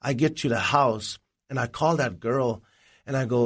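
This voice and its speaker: A man, a Christian evangelist, telling his life story as an interview guest in an earnest, animated way. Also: mid-range voice, normal speed, husky. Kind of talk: personal testimony in an interview.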